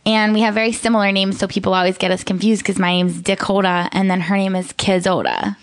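A woman's voice: mid-range voice, fast talker. A woman co-hosting a comedy podcast in character, playful and goofy, laughing often. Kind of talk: improvised comedy banter.

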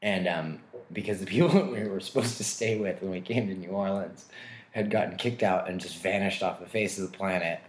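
Male street performer, loose and self-mocking storyteller, slightly low voice, roomy sound. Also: a little fast, a little hiss or hum. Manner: rambling, laughs often, self-deprecating. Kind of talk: casual interview.

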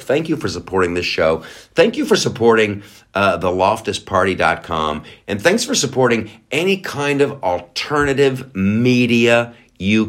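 A man hosting his own show, delivering a comedic rant. His voice is lively and bounces through a wide range, jumping up high when he gets worked up. He swears freely and laughs as he talks. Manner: animated, swings to high excited pitch when storytelling. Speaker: show host.

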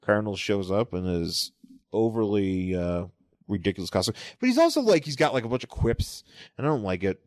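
A man with a lowish voice talks through a comic book on a podcast, rambling and restarting his sentences as he goes. The sound is close and dry, with no room around it. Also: sing-song, dry recording. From New York area. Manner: rambling, halting, many restarts. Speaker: podcast co-host. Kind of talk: casual comic book chat.

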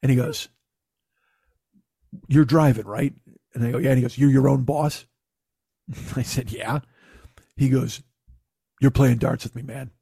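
A man's voice: mid-range voice, steady tone, unhurried, vocal fry, pauses often, mellow, breathy edge, no echo, clean studio sound. A man telling a casual, profane story in his own voice. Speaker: podcast host telling a story.

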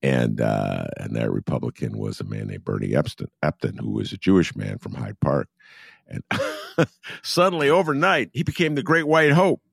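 A man's voice: extremely low pitch, huge pitch swings, normal speed, gravelly, breathy edge, no room sound, clean studio sound. A man hosting an interview, laughing easily and talking with many fillers and restarts. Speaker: interview host. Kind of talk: conversational interview.

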